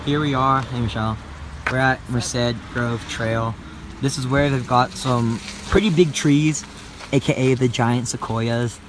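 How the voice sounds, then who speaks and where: A man's voice: medium pitch, fairly even intonation, measured pace, background noise. A young man vlogging casually on a forest trail, joking like a tour guide. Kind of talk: casual travel vlog.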